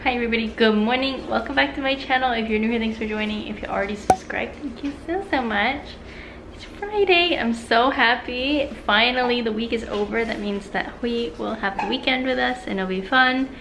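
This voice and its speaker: A young woman chats through a home vlog with a fairly high, friendly voice, often dropping into sing-song baby talk. She is recorded indoors on a camera in a kitchen, with steady household noise behind her. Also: brisk. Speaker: vlogger, mother.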